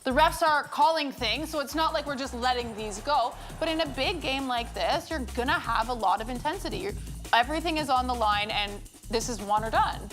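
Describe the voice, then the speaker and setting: A woman analyst breaking down a basketball game in a studio, frank and quick to laugh. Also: sits high, a bit bright, soft background music. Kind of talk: halftime analysis.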